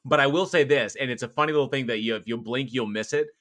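Bright-voiced, profane, rambling man. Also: mid-range voice, fast talker. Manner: animated, profane, rambling with restarts. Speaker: podcast co-host. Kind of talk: casual film discussion.

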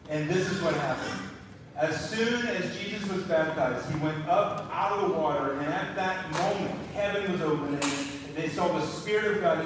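A man preaching a sermon as pastor in a church fellowship hall, enthusiastic, repeating phrases and dropping to a hush for scripture quotes. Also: a little high. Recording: echoey hall, distant mic, noisy.

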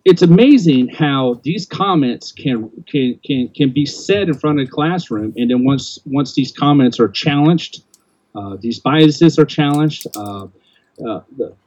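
A man's voice: medium pitch, lively intonation, unhurried, darkish tone, no room sound, highs cut off. An older man hosting a casual podcast chat, blunt and rambling, often restarting his sentences. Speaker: podcast host.

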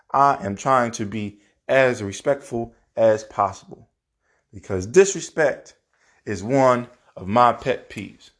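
A man from New Orleans hosting his own podcast alone, talking casually and emphatically with plenty of swearing and the odd rant. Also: mid-range voice. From New Orleans, Louisiana. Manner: profane, ranting, emphatic. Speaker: podcast host. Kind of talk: casual solo podcast monologue. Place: apartment at home.

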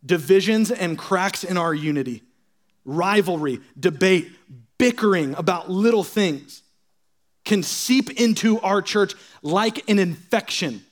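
A young adult man preaching a sermon in a casual, sarcastic way, acting out the voices of churchgoers in quick asides. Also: sits high, lively intonation. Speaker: pastor.

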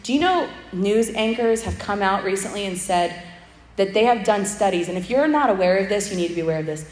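A woman's voice: mid-range voice, animated, fairly quick, a little mellow. A young woman giving a humorous, chatty sermon with personal stories and many asides. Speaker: speaker at a church event. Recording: echoey hall with long reverb.

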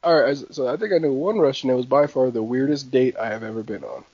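Animated young man telling a story. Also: mid-range voice, fast talker, husky, no room sound. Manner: animated storyteller, laughs often, acts out quotes. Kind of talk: casual chat, storytelling. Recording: dry, slightly dull sound.

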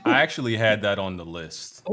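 A man's voice: on the low side, animated, normal speed, over a noisy crowd. A man co-hosting a casual podcast, steering the talk to the next topics. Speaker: podcast co-host. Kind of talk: casual chat.

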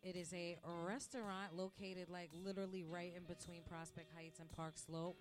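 Animated rambling woman podcaster. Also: fairly low pitch, moderate pace. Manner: animated and rambling, acts out quoted voices, laughs often. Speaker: podcast host. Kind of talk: casual ranting monologue. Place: restaurant where she works. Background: faint music.

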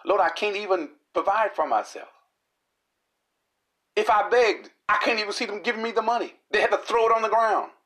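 A preacher acting out a long-suffering, crippled woman who pleads with God in a low, hushed prayer. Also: a little fast, close to an everyday voice. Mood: pleading. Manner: soft, lamenting prayer.

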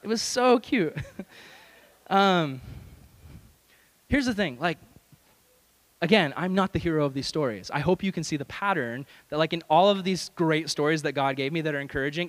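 A young adult man, a youth pastor, telling a lively self-deprecating story in a sermon and acting out the voices. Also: on the high side, moderate pace. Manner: animated, self-deprecating, acts out voices in stories.

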